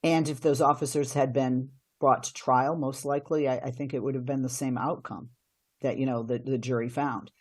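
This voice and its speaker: Husky-voiced woman talking earnestly. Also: rumbling low, fairly even intonation, normal speed, darkish tone. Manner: earnest, restarts and fillers. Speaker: radio host and TV commentator. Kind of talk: podcast interview, conversational.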